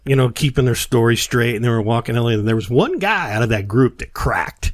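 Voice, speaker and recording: A man hosting a podcast who tells stories in a casual, animated way and acts out the quotes. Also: lowish voice, fairly quick, few pauses, husky, no echo. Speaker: podcast host. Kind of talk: casual storytelling chat.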